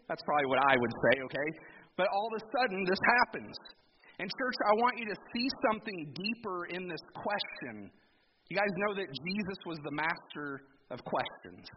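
A man with a fairly high voice preaches to a church in an easy, conversational way, peppering his sermon with rhetorical questions. The recording is dull and lo-fi, with a long hall reverb and a clear hiss of background noise. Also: normal speed. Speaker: pastor.

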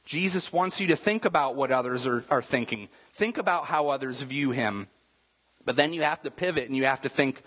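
A man's voice: medium pitch, fairly quick, a bit bright, husky, in a large hall, rough recording. A man preaching a sermon, talking in a conversational way and often checking in with the listeners by asking "right?". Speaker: pastor.

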